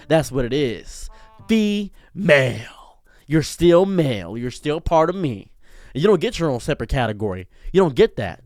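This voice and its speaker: A man streamer delivering a sarcastic comedic rant in a mock-macho manner, swinging between booming lines and muttered asides. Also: dry recording. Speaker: streamer and commentator.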